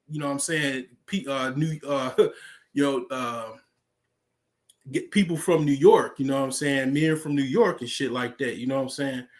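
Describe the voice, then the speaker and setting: A man's voice: fairly high pitch, a bit bright. An American man talking in a casual, rambling monologue, full of fillers and profanity. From United States. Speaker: vlogger.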